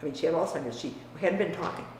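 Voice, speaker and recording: An older woman from the US Midwest, reminiscing about her family in a frank, emphatic way that often drops quiet. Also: low-pitched, racing. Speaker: interviewee. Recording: echoey room, distant mic, faint hiss.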